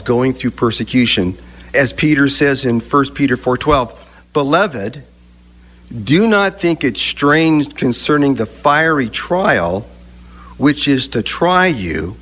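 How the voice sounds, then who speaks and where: A man preaching a sermon, speaking deliberately with emphatic pauses between phrases. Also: mid-range voice, a bit bright. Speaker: pastor.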